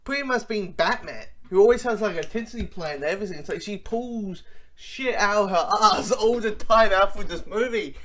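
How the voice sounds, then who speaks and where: A casual movie reviewer talks with real enthusiasm, starting a thought, dropping it, and starting again. Fillers and restarts run all through the delivery, which has a middle pitch. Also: fairly quick, fairly bright tone. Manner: rambling, with many fillers and restarts.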